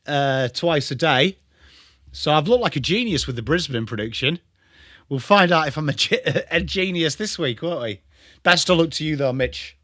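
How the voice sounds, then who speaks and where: An English man hosts a live footy watchalong stream, chatting away and calling out viewers by name in bursts of excitement. His voice sits a touch high, with a bright, ringing edge. The sound is close and dry. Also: dry recording. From England. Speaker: livestream host. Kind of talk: live sports watchalong chat.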